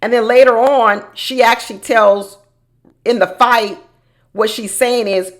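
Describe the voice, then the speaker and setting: A woman's voice: on the high side, a little slow. Woman doing a reality tv recap, talks like she's chatting with friends, opinionated. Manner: chatty, opinionated, addresses viewers as y'all. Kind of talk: casual recap commentary.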